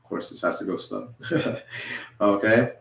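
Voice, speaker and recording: A man's voice: lowish voice, a little slow, creaky, a bit bright. A man teaching an online music lesson, patiently explaining and having learners repeat words after him, with a frequent "okay?". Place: indoors, showing pictures on screen. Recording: roomy echo.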